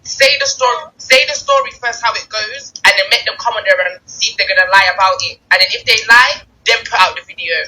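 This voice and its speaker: A woman's voice: medium pitch, fast, hardly any pauses, bright, forceful tone, poor audio. A woman chatting casually in a voice note, laying out a plan. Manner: scheming, chatty.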